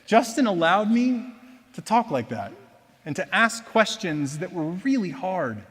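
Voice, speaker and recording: A man with a somewhat high voice tells his personal testimony in a church, in a casual, self-deprecating way. He moves between lively storytelling and quiet, reflective moments. A long reverb from a large church hall trails behind each phrase. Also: a little slow, breathy edge. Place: church auditorium.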